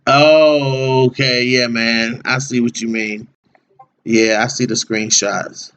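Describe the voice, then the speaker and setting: A man's voice: mid-range voice, fairly even intonation, slow, a bit bright, smooth. A man hosting a casual livestream, chatting with viewers by name in slangy, laid-back talk. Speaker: livestream host.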